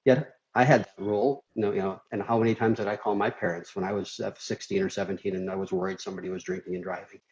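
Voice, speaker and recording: A man's voice: on the low side, level tone, quick pace, hardly any pauses, a little mellow, slight background noise. A middle-aged man from Minnesota, a surgeon guest on a podcast, talking candidly and rambling with many "you know" fillers. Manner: rambling, frequent "you know" fillers, laughs while telling stories. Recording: slightly dull lo-fi audio.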